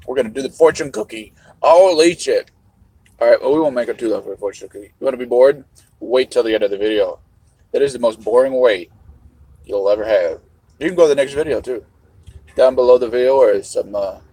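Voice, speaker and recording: A man's voice: medium pitch, brisk, mellow, husky, no echo, poor audio. A middle-aged man vlogging in a casual livestream monologue, rambling and musing with a half-joking tone.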